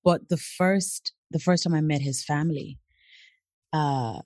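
A woman's voice: low-pitched, measured pace, no echo. A woman in her late thirties, originally from Africa, telling personal stories as an interview guest and acting out the people in them. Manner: animated, acts out voices of people in her stories. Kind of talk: storytelling in conversation.

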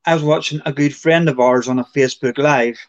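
A man's voice: mid-range voice, fairly even intonation, fairly quick. Man on dull lo-fi call audio. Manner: storytelling, leading up to a question. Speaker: podcast co-host. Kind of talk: casual chat.

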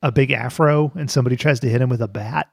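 A man's voice: medium pitch, fast talker, vocal fry, slightly rough, dry recording. Guy cohosting a podcast, jokey and chatty, dry close mic. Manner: joking, playful, laughs often. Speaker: podcast co-host. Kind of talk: casual chat.

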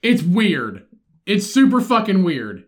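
A man co-hosting a casual podcast, his voice sitting high and swinging widely as he talks. He rambles in an amused, profane way. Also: wildly swooping pitch, slow. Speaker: podcast co-host. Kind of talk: casual chat.

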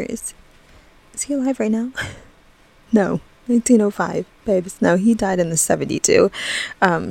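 A woman's voice: lowish voice, darkish tone. A young woman hosting a podcast, chatting casually with lots of "like" and "um", light laughs and the odd swear word. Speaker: podcast host.

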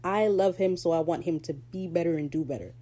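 A young woman hosting a casual podcast recap, talking on her own with a fairly low, dark, mellow tone. She gushes, swears and breaks into sudden excited outbursts, then settles back into chatty commentary. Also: fairly quick. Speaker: podcast host.

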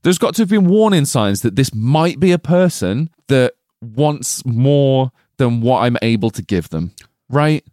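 A man's voice: mid-range voice, big pitch swings, measured pace, mellow, dry recording, clean studio sound. A man co-hosting a comedy film podcast, swearing, joking and laughing often in casual chat. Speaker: podcast co-host.

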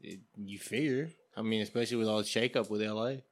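A man co-hosting a casual sports chat, giving measured, laid-back opinions. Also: on the low side. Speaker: podcast co-host.

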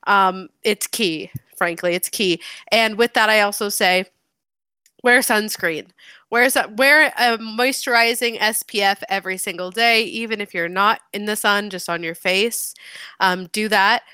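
A woman co-hosting a casual podcast, swearing freely and telling animated stories. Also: medium pitch, measured pace, clear, resonant tone, no echo. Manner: profane, animated storytelling, acts out quoted voices. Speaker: podcast co-host. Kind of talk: casual chat.

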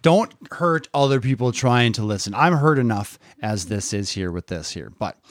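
A man's voice: medium pitch, lively intonation, moderate pace, no room sound. A middle-aged man and father hosting a casual family podcast, teasing and rambling with restarts into a podcast microphone.

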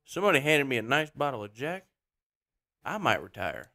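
A man's voice: mid-range voice, very animated, moderate pace, sharp tone. A man putting on the voice of a boastful, cocky race-car driver who drawls and calls everyone brother, as a comic bit on a podcast. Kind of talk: comic impression in podcast banter.

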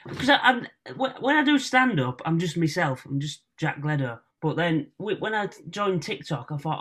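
A young man with a Hull accent, guest on a podcast, chatting quickly and laughing often over a video call. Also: a little high, big pitch swings, fairly bright tone. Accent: Hull, Northern English. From Hull, England. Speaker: guest comedian. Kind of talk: casual podcast chat.

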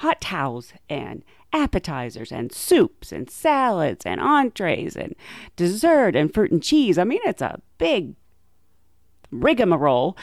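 A young woman flight attendant telling stories in a chatty way, laughing often and acting out quotes in a higher voice. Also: darkish tone, dry recording, studio quality. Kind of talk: casual storytelling monologue.

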